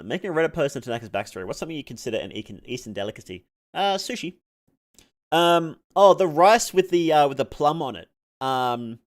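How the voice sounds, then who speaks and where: A man streaming a game live, swearing at setbacks and rambling through chat questions with many fillers. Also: mid-range voice. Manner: swears freely and reacts loudly to in-game deaths. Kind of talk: live gameplay commentary, answering chat.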